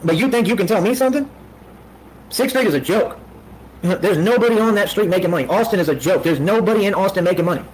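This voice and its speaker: A man's voice: high voice, expressive, fast talker, darkish tone, poor audio. A man in a combative livestream rant, boastful and full of street slang. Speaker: streamer.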